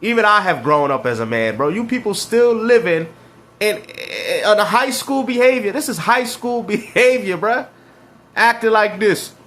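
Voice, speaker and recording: A man's voice: sits high, lively intonation, normal speed, a bit bright. A man reacting to clips and ranting about video games, mocking and slangy, laughing at his rivals. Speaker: gaming commentator.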